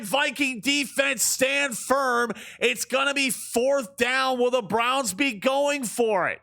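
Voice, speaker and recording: Young man, mock sports commentary, high voice, bright tone, excitable. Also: takes it slowly, gravelly, hardly any pauses, faint music behind. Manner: excitable, shouts on big plays. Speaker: streamer doing play-by-play. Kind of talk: mock sports commentary over a video game.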